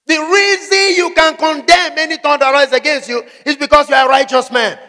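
A man preaching a sermon, asking the congregation questions and shouting out scripture. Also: very high-pitched, fairly even intonation, a little fast, long reverb tail. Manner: emphatic call-and-response preaching, shouting scripture.

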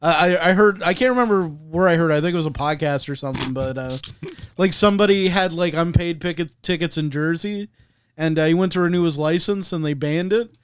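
A man chatting casually and jokingly, chiming in with quick comments and mock voices. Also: a little high, clear, resonant tone, no echo. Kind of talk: casual chat.

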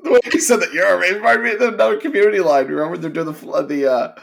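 A man in casual chat, animated, often quoting lines in put-on voices. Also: sits high, racing, gravelly. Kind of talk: casual chat about TV shows.

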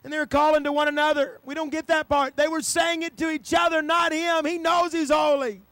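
A man preaching an impassioned sermon, swinging from quiet storytelling to shouted, excited passages. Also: extremely high pitch, a little fast, dry recording.

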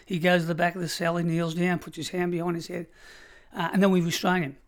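A middle-aged Australian man, a former prison officer, telling stories in an interview in an emphatic, measured way. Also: sits high, flat delivery. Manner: emphatic, measured storytelling, colloquial. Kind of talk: storytelling interview.

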